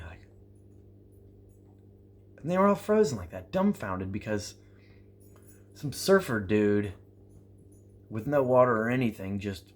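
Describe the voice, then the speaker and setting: A prepper vlogger tells motivational stories to the camera in a low, slightly breathy voice. He's animated and profane, acting out quoted exchanges and repeating phrases for emphasis.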